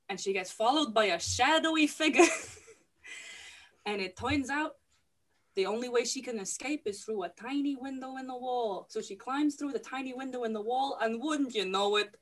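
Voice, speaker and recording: A woman casually recapping a film for a podcast, sweary and laughing, slipping into quick character voices. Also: on the high side.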